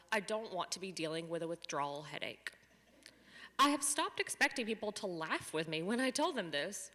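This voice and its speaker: A woman reading an essay aloud at a church service, expressive and dryly humorous. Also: mid-range voice. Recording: long reverb of a church hall.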